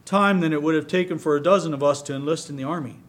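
A man's voice: fairly high pitch, fast talker, natural voice. A man voicing a patient middle-aged farmer who talks earnestly about his troubles. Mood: troubled.

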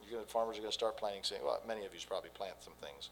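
A man preaching a sermon, swinging between quiet and loud delivery. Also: lowish voice, very fast, hardly any pauses, rough recording. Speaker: pastor.

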